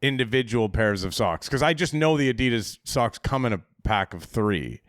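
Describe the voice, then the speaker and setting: A man in a casual podcast chat, his voice smooth and resonant with a dry, close sound and no room around it. He rambles through his points, restarting sentences and swearing casually. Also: medium pitch, lively intonation, normal speed, fairly bright tone, no room sound.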